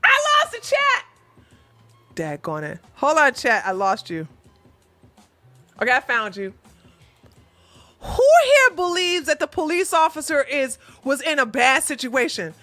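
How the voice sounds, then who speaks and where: A woman hosting a casual livestream, chatting with her viewers in an animated way, often laughing and talking back to the chat. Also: high-pitched, a little slow, long pauses, soft background music. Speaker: livestream host.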